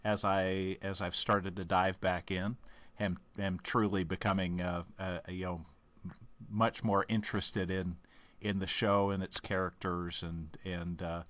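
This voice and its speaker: A man's voice: low voice, little pitch movement, unhurried, a bit bright, no echo, dull audio. A man co-hosting a casual podcast, talking hesitantly with many fillers and repeated words. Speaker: podcast co-host. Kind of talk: casual chat.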